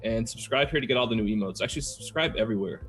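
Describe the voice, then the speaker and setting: A man, a player on the show, giving an upbeat, quick sign-off. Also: mid-range voice, lively intonation, fairly bright tone, faint music behind. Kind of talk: casual sign-off.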